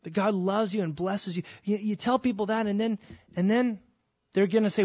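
Pastor, man, fairly high voice, lively sermon delivery with acted-out quotes, dry close mic. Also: a little fast, husky, no room sound. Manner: animated preaching, acting out quoted voices.

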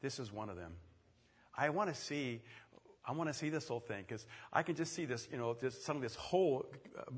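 A man preaching a sermon, telling the story with quick asides and sudden loud swells. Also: mid-range voice, lively intonation, slightly rough. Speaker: pastor. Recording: echoey hall with long reverb.

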